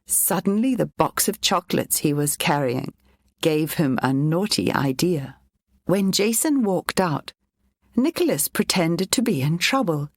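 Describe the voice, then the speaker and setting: Low-voiced woman reading a storybook. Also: animated, measured pace, a little mellow, dry recording, clean studio sound. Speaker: narrator. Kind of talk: storybook audiobook narration.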